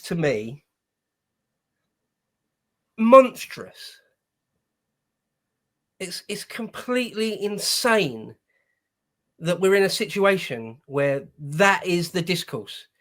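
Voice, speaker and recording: A man's voice: on the high side, sing-song, slow pace, pauses often, a bit bright. A man hosting casual political commentary, heated and indignant, swearing as he vents.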